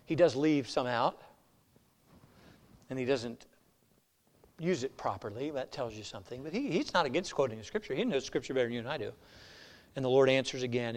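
A man pastor preaching a sermon, emphatic and swinging between loud declarations and hushed asides. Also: mid-range voice, animated, fairly quick, pauses often, big-room sound.

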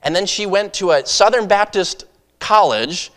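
A man preaching as an evangelist, telling a story with animated swings between loud excitement and soft earnest delivery. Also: high voice, a little slow. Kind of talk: sermon storytelling. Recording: long hall reverb.

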